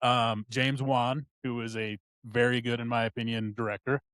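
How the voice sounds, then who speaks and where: A man's voice: medium pitch, level tone, moderate pace, a bit bright, dry recording. A man co-hosting a casual podcast, blunt, profane and laid-back. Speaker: podcast co-host.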